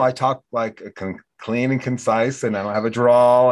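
A man's voice: mid-range voice, fairly even intonation, moderate pace. A middle-aged man from North Dakota hosting a casual chat, telling stories and acting out the exchanges he describes. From North Dakota, USA. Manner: chatty storyteller, acts out quoted exchanges. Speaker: podcast host. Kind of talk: casual conversation.

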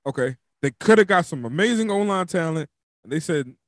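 A man with a slightly high voice hosts a relaxed sports talk show, loose and chatty, dropping "um" and "like" as he goes. The sound is dry and close. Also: fairly quick, dry recording. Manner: loose, chatty, laughs often, fills with "um" and "like". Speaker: podcast host. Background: dog squeaking a toy.

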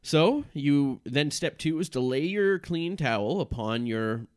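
A man's voice: fairly high pitch, animated, a little slow, clean tone. A man co-hosting a casual comedy podcast, reading out instructions and stumbling through Latin words. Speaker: podcast co-host.

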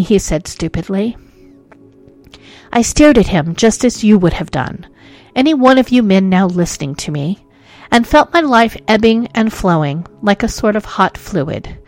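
A woman narrating a ghost story in an expressive reading, moving between hushed and urgent tones. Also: medium pitch, a little slow, faint music behind.

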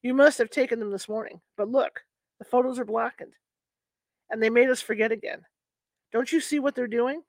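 A woman voicing a frightened, hysterical young wife in a read-aloud story, lines raised and slowed. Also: on the high side, fairly even intonation, dry recording, lightly acted. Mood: distraught.

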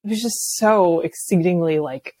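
Low-voiced chatty young woman. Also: moderate pace, darkish tone. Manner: chatty, laughs often, many filler likes. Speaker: podcast guest. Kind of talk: casual chat.

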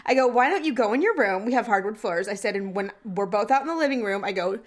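Animated woman co-host. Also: mid-range voice, fast talker. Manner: animated storyteller, laughs while talking. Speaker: podcast co-host. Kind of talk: casual chat.

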